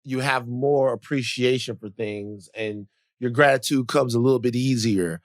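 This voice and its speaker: A man's voice: medium pitch, normal speed, dry recording, clean studio sound. A middle-aged man co-hosting a podcast, talking in casual chat that rambles, full of restarts and "you know"s. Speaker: podcast co-host.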